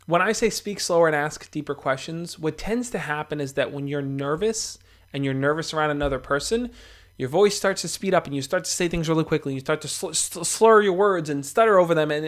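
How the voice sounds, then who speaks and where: A young man hosts a casual livestream and speaks right to his viewers in an easygoing, encouraging way. His voice sits a little high for a man. He talks loosely, with fillers and restarts. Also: a bit bright. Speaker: livestream host giving dating advice. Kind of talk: casual livestream advice talk.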